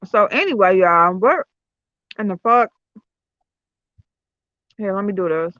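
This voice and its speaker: A woman's voice: mid-range voice, animated, takes it slowly, sharp tone, no room sound. A woman, hosting a casual livestream at home, telling stories loosely with lots of fillers and cursing. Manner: loose, profane, storytelling with many fillers. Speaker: livestream host chatting with viewers. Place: at home, indoors. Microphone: streaming software on computer or phone. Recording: slightly dull lo-fi stream audio.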